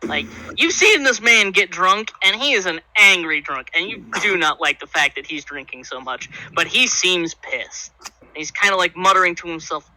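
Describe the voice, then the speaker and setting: A man's voice: high voice, expressive, normal speed, bright, forceful tone, dry recording, low-quality recording. A man narrating a tabletop game as game master, with many fillers in a loose storytelling way.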